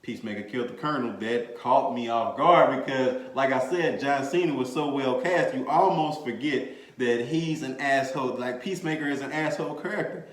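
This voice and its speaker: A man hosting a podcast, chatting casually about a movie in an animated, slangy way, laughing and swearing freely. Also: medium pitch, a little fast, hardly any pauses. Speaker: podcast host. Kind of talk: casual movie review chat. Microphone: desk mic, bumped at times. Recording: echoey room.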